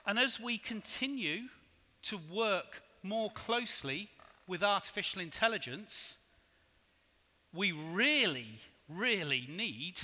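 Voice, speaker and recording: A man giving a conference keynote in a hotel hall, measured and asking the audience rhetorical questions. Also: high voice, bright, forceful tone. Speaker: conference speaker. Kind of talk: keynote presentation. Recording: hall reverb.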